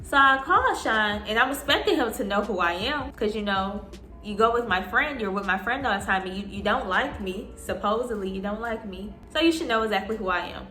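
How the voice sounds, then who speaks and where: Girl in her 20s doing a storytime, bright voice, echoey room, music low underneath. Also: a little fast. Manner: animated, acting out quotes in voices. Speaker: vlogger. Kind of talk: storytime vlog. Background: soft background music.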